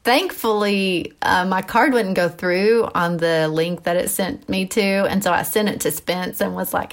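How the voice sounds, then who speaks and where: A woman's voice: fairly low pitch, measured pace. Chatty woman hosting a faith podcast. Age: mother of middle schoolers. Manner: chatty and animated, with frequent asides and "like" fillers. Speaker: podcast host. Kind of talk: casual Christian teaching podcast.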